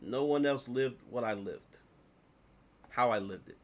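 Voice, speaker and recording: A man in his thirties, an artist vlogger, casually telling a personal story in a rambling, animated way while he works on a drawing. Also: mid-range voice, measured pace. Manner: rambling, animated retelling with repeated "like".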